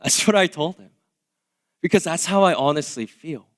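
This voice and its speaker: A man's voice: on the high side, normal speed. A man in his thirties, a pastor giving a sermon in a church, talking casually with lots of fillers and asides. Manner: casual, conversational preaching with many fillers; animated, swinging between loud asides and quiet remarks. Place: church sanctuary.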